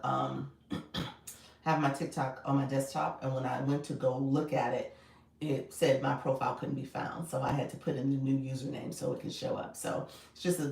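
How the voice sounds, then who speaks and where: A woman's voice: a bass voice, gravelly, darkish tone, reverberant, distant mic, rough recording. Female live coach, casual and friendly with viewers, sits back from the mic. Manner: chatty, greets viewers by name, laughs often. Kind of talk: casual livestream chat.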